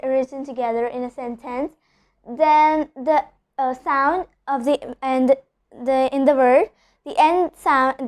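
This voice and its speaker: A woman from India teaching pronunciation rules, repeating example words slowly and often saying "so" and "okay". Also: high voice, darkish tone.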